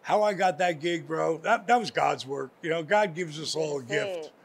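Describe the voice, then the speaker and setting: Husky older man spinning stories. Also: a little high, moderate pace. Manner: animated, swears, slips into impressions. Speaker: guest, former pro wrestler. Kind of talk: casual storytelling interview.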